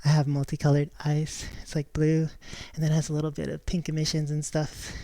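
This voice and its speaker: A woman's voice: sits low, completely flat delivery, brisk, mellow, no room sound. A woman chatting casually on her live stream, rambling and giggling, often restarting her sentences.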